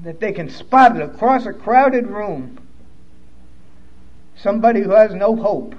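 A high-pitched man recounts his own story in a blunt, profane way that turns emotional. The recording is a little dull and lo-fi, like a modest room capture. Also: expressive, unhurried. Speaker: speaker sharing his recovery story. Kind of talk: personal testimony storytelling.

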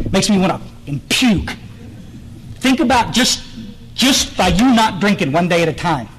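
A man's voice: high voice, sing-song, measured pace, a bit bright, slight background noise, low-quality recording. A middle-aged man from the Texas Hill Country, giving a blunt, earnest personal testimony at a recovery meeting, often restarting and repeating words.

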